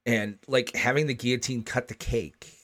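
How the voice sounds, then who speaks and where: A man co-hosting a casual podcast chat, animated and jokey. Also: medium pitch, normal speed.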